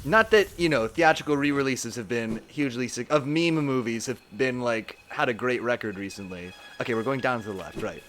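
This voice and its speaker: A man's voice: medium pitch, a little fast, few pauses, fairly bright tone, a little hiss or hum. A young man from Southern California chatting casually and joking while he streams a game, laughing often. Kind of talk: casual live-stream chat while gaming.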